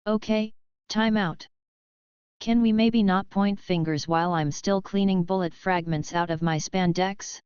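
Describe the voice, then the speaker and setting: A woman's voice: mid-range voice, steady tone, measured pace, a little mellow, clean tone, no room sound, highs cut off, natural voice. A woman voicing a sarcastic young male superhero who jokes flippantly. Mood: joking. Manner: joking, flippant.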